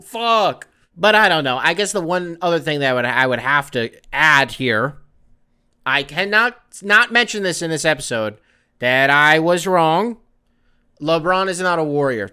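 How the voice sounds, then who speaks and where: A man hosting a solo sports podcast, ranting in an animated, exasperated way and swearing freely. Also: on the high side, smooth. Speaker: podcast host.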